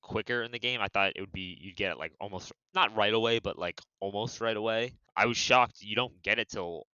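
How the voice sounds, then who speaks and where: A man's voice: fairly low pitch, fairly quick, pushed and bright, clear, resonant tone, dry recording. A man talking as a podcast guest in casual chat, eager, with lots of "you know" fillers. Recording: dull, dry lo-fi audio.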